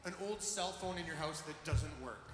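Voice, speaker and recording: A man's voice: on the high side, normal speed. A man co-hosting a concert, rousing a young audience from the stage and calling out to them. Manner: rousing, calls out to the audience and shouts. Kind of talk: energetic stage talk to a crowd. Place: large concert auditorium. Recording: echoey hall, noise behind.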